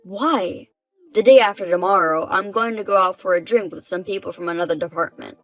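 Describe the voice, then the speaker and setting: A woman's voice: medium pitch, brisk, lightly acted, low-quality recording. A woman voicing a selfish husband who brushes off complaints and justifies himself. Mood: dismissive. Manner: dismissive, self-justifying. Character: defensive, selfish husband, man.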